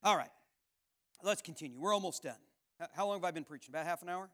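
A male pastor with a notably high-pitched voice, preaching in a conversational, earnest manner. He stumbles into repeated words and restarts as he tells a personal story to his congregation. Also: fast talker, pauses often, pushed and bright. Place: church camp gathering.

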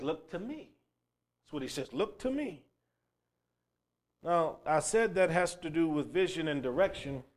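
Animated, high-voiced male preacher. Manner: dramatic preaching, swings from loud calls to low asides. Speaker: pastor. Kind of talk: sermon.

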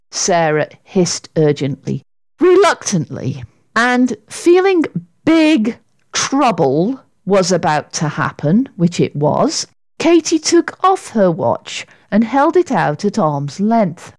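Woman reading a kids story, slow and bouncy, lots of lift in her voice, dry sound. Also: fairly low pitch, no room sound. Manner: expressive, slow and deliberate. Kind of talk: storybook narration.

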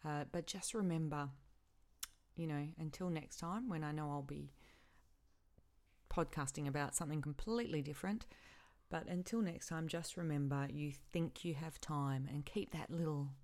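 A grieving woman talks alone into her podcast mic, her voice low and unhurried. She stops and repeats herself often as she searches for words. It is a personal, unscripted monologue. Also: a little mellow. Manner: halting, emotional, repeats herself. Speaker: podcast host.

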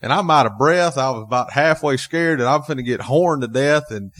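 A man telling a story as a guest on a talk show, animated and laughing as he goes. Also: mid-range voice, brisk. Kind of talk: casual storytelling.

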